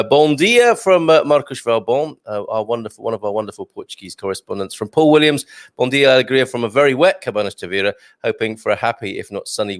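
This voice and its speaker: A chatty male host talking over a morning live stream in a self-deprecating way, with frequent laughs. His voice is mid-pitched and sits close and dry against the mic. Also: no room sound. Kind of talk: casual live-stream chat and news reading.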